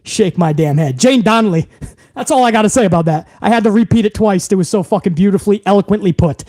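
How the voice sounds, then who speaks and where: Fired-up, profane wrestling podcast host. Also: male voice, high voice, fast, darkish tone, no room sound. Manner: heated, profane ranting, reads viewer super chats aloud. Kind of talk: live-stream wrestling rant.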